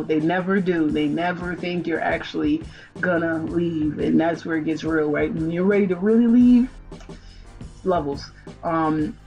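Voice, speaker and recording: A woman's voice: fairly low pitch, moderate pace, darkish tone. A woman hosting a music channel, breaking down song lyrics in a chatty, slangy way with rhetorical questions. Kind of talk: casual commentary on song lyrics.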